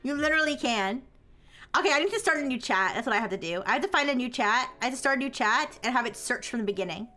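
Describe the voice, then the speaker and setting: A woman's voice: high voice, animated, fast talker, sharp tone. A woman hosting a live stream, chatting casually and rambling, often cutting herself off and laughing. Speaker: livestream host.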